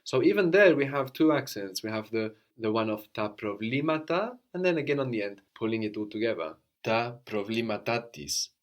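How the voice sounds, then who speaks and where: A man's voice: mid-range voice, animated, fairly quick, few pauses. A man teaching a language lesson, patiently explaining and prompting his student.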